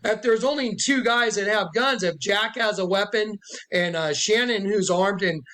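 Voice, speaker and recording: A man's voice: high voice, moderate pace, pushed and bright. A man telling a rambling, emphatic personal testimony to camera, repeating himself and acting out what others said. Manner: emphatic, repeats himself, acts out quotes in a raised voice. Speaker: self-styled prophet recounting a dispute.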